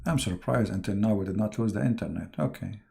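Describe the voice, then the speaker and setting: Gravelly-voiced man with mocking commentary. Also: lowish voice, mellow. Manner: mocking, halting, with many fillers and sudden jumps into put-on voices. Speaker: online religious debater and host.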